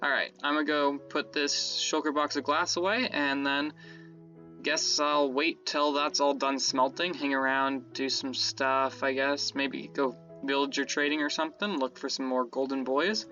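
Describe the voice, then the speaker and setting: A man's voice: mid-range voice, fairly even intonation, moderate pace, bright, forceful tone, dull audio, soft background music. A man giving casual gameplay commentary as he builds, rambling and correcting himself as he explains his setup to viewers. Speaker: Minecraft let's-play creator.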